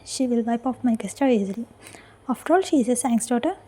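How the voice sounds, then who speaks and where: A brooding young man who pushes everyone away and keeps his answers short and defensive, as a woman reading the story puts him on. The voice is soft and breathy, hovering near a whisper, with a dark, mellow tone. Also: a little high, expressive, fast.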